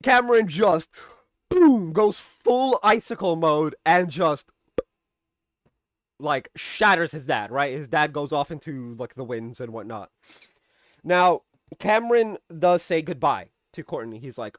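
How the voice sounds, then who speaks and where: A man's voice: a little high, animated, measured pace, a bit bright, dry recording, clean studio sound. A man casually recapping and reviewing a TV episode, chatty, often tagging on "right?" and swearing now and then.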